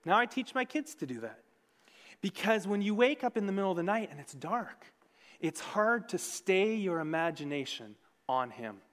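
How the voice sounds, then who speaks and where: A man preaching a sermon in a church, earnest and conversational, with sudden swings between loud and soft. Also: sits high. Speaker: pastor. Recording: long reverb of a large hall.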